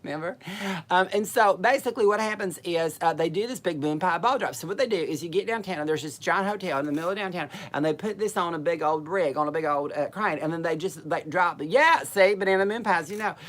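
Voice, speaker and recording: A woman with an Alabama drawl spins rambling, cheeky comic stories at a rapid clip. Her voice sits fairly low. She talks in a folksy, bawdy way. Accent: Southern American, Alabama. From Alabama, USA. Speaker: comic entertainer. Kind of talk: comic storytelling chat.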